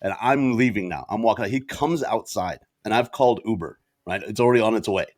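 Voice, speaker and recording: A man's voice: fairly low pitch, brisk, darkish tone. A middle-aged man on a podcast telling a story in a casual way, laughing often and acting out the dialogue.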